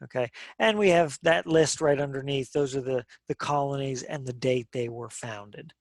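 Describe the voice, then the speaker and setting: A man's voice: mid-range voice, moderate pace, dry recording. A male teacher giving a social studies lesson to a class in a conversational way, asking the class questions and often restarting his sentences.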